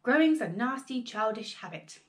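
A woman's voice: fairly high pitch, expressive, normal speed, close to an everyday voice. A woman voicing a bossy, nasty tiny old grandmother who snaps and scolds in a read-aloud storybook. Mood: scolding. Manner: snappish, scolding, relishing disgust.

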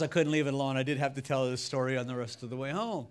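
A man pastor preaching a sermon, telling folksy stories in an animated way. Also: medium pitch, fast, hardly any pauses, slight background noise. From United States.

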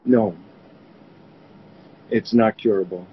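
A man from New York speaking haltingly in an interview about grief, his voice often trailing off quietly. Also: fairly even intonation, husky, dull audio. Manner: halting, grief-stricken, voice drops low. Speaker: interviewee, bereaved father. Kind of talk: remote interview.

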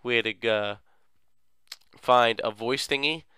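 A man's voice: medium pitch, takes it slowly, bright, forceful tone, clear, resonant tone, dry recording, studio quality. A young man hosting a let's play, casually recapping the game in a rambling, goofy way with lots of filler words.

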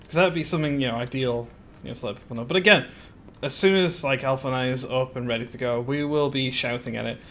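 A man's voice: medium pitch, fast talker, fairly bright tone, slight background noise. A man chatting casually on a live stream while building in a game, greeting viewers by name with giggly asides.

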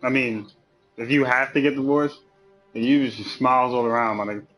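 A man talks casually while he plays a game live, bantering with friends in his party. He swears constantly, laughs a lot and jumps into loud mock outrage before dropping back to a low mutter. His voice sits in an ordinary middle pitch. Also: brisk, faint music behind. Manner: profane, joking, laughs often, swings into loud mock outrage. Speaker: gamer streaming live.

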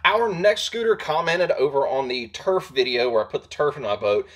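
Man host, slightly high voice, very lively delivery, teasing and jokey, casual video talk. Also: moderate pace. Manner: joking, teasing, animated. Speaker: host and jon boat builder. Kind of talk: casual how-to video talk with a comment roast segment.

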